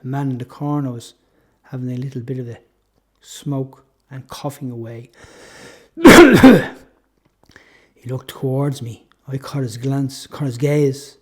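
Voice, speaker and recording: A man's voice: medium pitch, little pitch movement, moderate pace, mellow. A man reading his own story aloud as a reflective, first-person audiobook narration.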